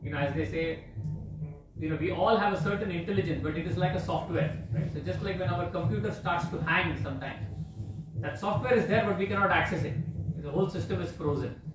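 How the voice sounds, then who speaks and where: A man's voice: high-pitched, a little fast, background noise. A man retelling a sacred epic as a discourse in a temple, explaining as he goes and checking in with his listeners. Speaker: religious discourse speaker. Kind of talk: storytelling scripture discourse. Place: temple hall. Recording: echoey hall, mic far off.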